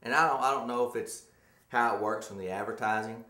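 A man's voice: medium pitch, fairly quick, sharp tone. A man hosting a casual talk show, telling rambling stories and teasing his co-host. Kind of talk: casual chat. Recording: echoey room.

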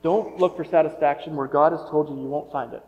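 A man's voice: fairly high pitch, fairly even intonation, a little fast, darkish tone. A man giving a sermon, reading scripture aloud and then commenting on it in a casual, joking aside tone. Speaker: pastor. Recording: muffled sound with long hall reverb and mains hum.

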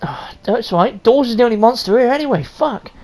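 A woman's voice: on the high side, animated, fairly quick, darkish tone. A woman playing a story game on a stream, swearing constantly in brash, jokey commentary. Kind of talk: profane casual gameplay commentary.

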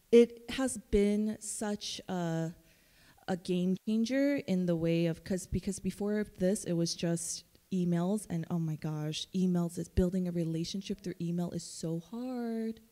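A woman admissions counselor giving a chatty, animated conference presentation, full of fillers and playful quoted voices. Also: on the low side, slow. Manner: jumps into playful character voices for quoted texts. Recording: long reverb of a conference room.

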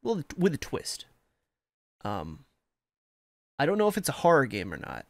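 A man's voice: mid-range voice, huge pitch swings, a little slow, creaky, no room sound, clean studio sound. A man streaming a war game, chatting casually with rambling, self-mocking asides and reading the game's text aloud. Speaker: gameplay streamer.

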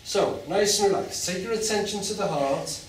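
A man leads a live group through a guided chakra meditation, talking in slow, soothing instructions and drawing out long chanted tones. He is picked up from far off in a large, very echoey room. A faint hiss of noise sits under his voice. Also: high-pitched. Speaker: meditation teacher.

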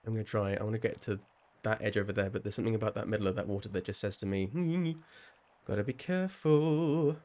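A man's voice: on the low side, little pitch movement, racing, hardly any pauses, darkish tone. A man with a southern English accent, chatting casually with viewers while playing a game on a live stream, rambling and laughing often. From southern England.

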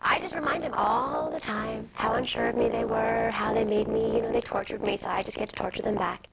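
A woman in her twenties telling stories as an interview guest, fast and animated, with many asides. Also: mid-range voice, vocal fry. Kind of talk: candid storytelling interview. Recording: noisy early-2000s TV broadcast audio.

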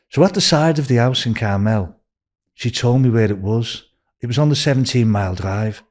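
A man in his sixties from Liverpool with a Scouse accent, a podcast guest telling a story in an animated way, acting out what people said. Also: fairly low pitch. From Liverpool, England. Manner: animated, acts out quoted speech in a raised voice. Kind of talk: anecdotal storytelling.

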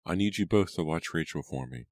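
A man's voice: extremely low pitch, animated, a little fast, a little mellow, no room sound. A man reading an audiobook, voicing a busy mother who speaks in a raised, calling tone.

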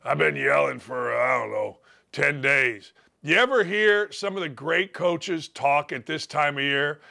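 An older man hosts a sports talk show. His voice is gravelly from days of yelling, yet fairly high and bright. He rants bluntly and sarcastically, with a combative edge. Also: unhurried. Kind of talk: opinionated sports radio rant.

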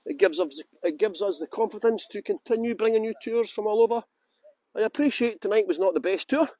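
Walking town streets at night for a live stream, a middle-aged Scottish tour guide with a strong accent chats to viewers by name and laughs a lot. He speaks briskly in a high, slightly mellow voice, with no room sound.

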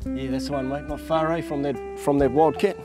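A man's voice: fairly high pitch, sing-song, a little fast, music in the background. A man with a New Zealand accent, a predator trapper explaining his work outdoors, plain-spoken and practical. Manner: plain-spoken, practical, calls people mate. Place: outdoors in the bush.

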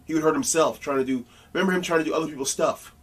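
Husky-voiced man telling blunt stories. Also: a little high, rapid-fire, distant mic. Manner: animated, blunt storytelling with profanity. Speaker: interview guest. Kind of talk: casual anecdote telling.

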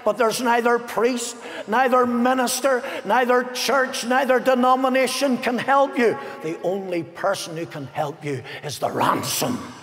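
Preacher man, highish voice, slow and deliberate, booming out then dropping low, big echoey arena. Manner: swings between ringing declamation and hushed low solemn passages. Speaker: pastor. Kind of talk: fervent evangelistic sermon. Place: large indoor arena. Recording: echoey arena with long reverb.

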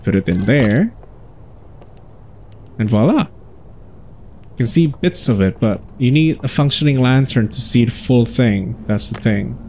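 A man chats casually through a let's-play, musing and wondering aloud at each new discovery. His voice is soft and mellow, neither high nor low. A faint hum of noise sits under the recording. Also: animated, measured pace, long pauses. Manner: musing, chatty, thinks aloud. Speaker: gaming channel host.

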